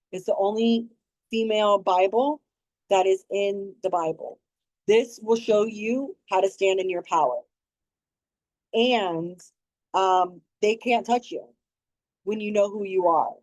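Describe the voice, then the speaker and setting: A woman's voice: mid-range voice, darkish tone, dry recording, low-quality recording. Earnest woman host giving instruction, dry sound. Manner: earnest, instructive, urging listeners. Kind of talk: teaching talk on a community call.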